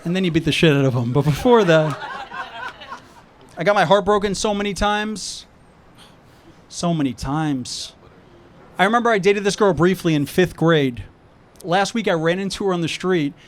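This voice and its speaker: A man from New York performing stand-up, his voice sitting a bit higher than most men's. He talks in a loose, chatty way and slips into quick bits of dialogue with his friends. Faint outdoor ambience hangs behind him on the rooftop. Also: a little hiss or hum. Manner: conversational, acts out dialogue with friends. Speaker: stand-up comedian. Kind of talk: stand-up comedy set.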